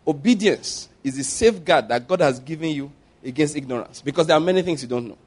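A man's voice: fairly high pitch, fast, breathy edge. A man preaching a sermon, telling stories and acting out the scenes. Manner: animated storytelling, acts out scenes.

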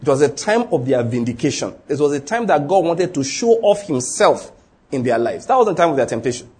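A man's voice: fairly high pitch, big pitch swings, fairly quick, a little mellow, breathy edge. A man with a Nigerian accent preaching a sermon, emphatic and full of rhetorical questions, acting out the people in his story.

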